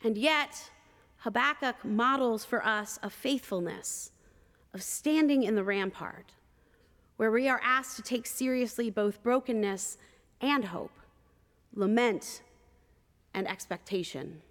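A woman preacher telling a personal story in a sermon, measured and expressive with vivid detail. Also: fairly high pitch, in a large hall.

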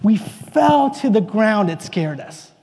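A man playing a bewildered, excitable apostle, telling his story in earnest, rambling first-person monologue. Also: high-pitched, takes it slowly, long reverb tail, full character voice. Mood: awed. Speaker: actor in a church dramatic monologue.

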